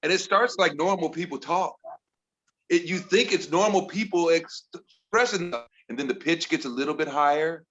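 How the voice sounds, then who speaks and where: A middle-aged man from Chicago works through an exasperated stand-up set with a bright, forceful tone. His voice sits a touch high for a man, and he jumps into higher voices to mimic his family. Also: normal speed, muffled recording. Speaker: stand-up comedian. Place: comedy bar with audience.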